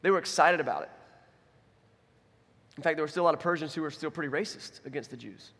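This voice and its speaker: A man preaching a sermon, retelling a story with lively asides and acting out its characters. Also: fairly high pitch, long reverb tail. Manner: animated, acts out characters in quick asides. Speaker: pastor.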